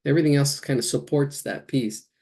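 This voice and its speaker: Male art teacher, gravelly and dark-toned, painting live and musing aloud. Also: medium pitch, fairly quick. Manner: thinks aloud while painting, searching for words. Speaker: art instructor.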